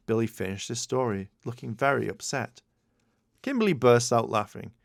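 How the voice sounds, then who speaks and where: A man's voice: medium pitch, moderate pace, vocal fry, no echo. A man narrating a children's storybook as an audiobook, reading expressively into a close mic. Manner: expressive read-aloud narration.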